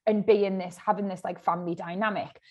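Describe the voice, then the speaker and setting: A woman's voice: mid-range voice, steady tone, a little fast, highs cut off. A woman in her thirties with a Geordie accent, hosting a podcast in casual, chatty talk full of fillers and the odd swear. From Newcastle, England. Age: 30s. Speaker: podcast host. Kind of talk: casual chat.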